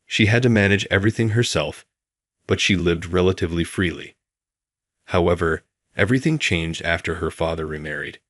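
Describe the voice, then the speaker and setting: A man calmly narrating a scripted first-person story as the channel's storyteller. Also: sits low, fairly quick, dry recording, studio quality.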